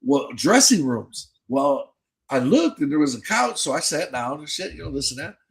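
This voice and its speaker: A man's voice: fairly high pitch, very animated, normal speed, gravelly, poor audio. A man hosting a podcast and telling a long, casual story in slangy, profane speech, with many restarts. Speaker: podcast host.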